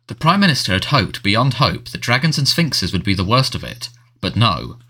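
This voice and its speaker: A man's voice: mid-range voice, big pitch swings, moderate pace, few pauses, sharp tone. A man narrating a novel as an audiobook, telling the story expressively. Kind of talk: scripted narration.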